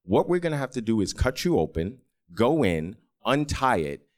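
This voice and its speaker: A man playing a calm male emergency-room doctor who explains a surgery matter-of-factly. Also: mid-range voice, normal speed, close to an everyday voice. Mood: explaining.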